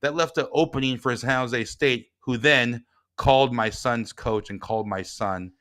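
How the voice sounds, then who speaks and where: A middle-aged man, a guest and author, telling a personal story in casual talk, swinging from quiet reflection to heated retelling. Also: mid-range voice, moderate pace.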